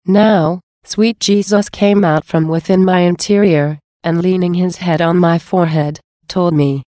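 Slow, reverent woman reader. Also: lowish voice, steady tone, dark tone, no echo, studio quality. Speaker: reader of devotional writings. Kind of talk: devotional reading aloud.

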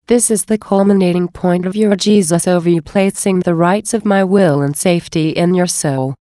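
A woman reading a tender, loving male Jesus from a devotional text, speaking softly to a grieving soul in a lowish, mellow voice. The sound is dry and close. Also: moderate pace, no echo, close to an everyday voice. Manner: tender, gentle.

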